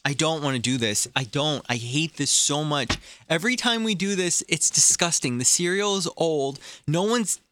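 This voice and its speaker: A man's voice: a little high, moderate pace, hardly any pauses, sharp tone, dry recording. A man co-hosting a casual cereal review show, joking, teasing and complaining. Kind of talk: casual chat.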